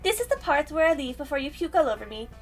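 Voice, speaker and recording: A woman voicing a flamboyant male cat bartender in a high-pitched put-on voice, reading a visual novel aloud with theatrical teasing. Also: sing-song, fast, soft background music. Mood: playful.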